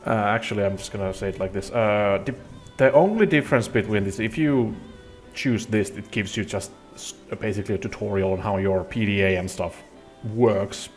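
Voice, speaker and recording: A man's voice: on the low side, moderate pace, soft background music. A man hosting a let's play, giving rambling, self-deprecating gameplay commentary.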